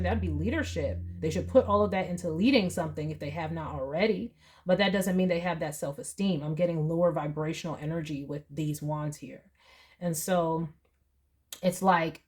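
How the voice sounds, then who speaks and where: Female tarot reader, low register, earnest and emotional, casual monologue. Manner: emotional, earnest, chatty with laughs and asides.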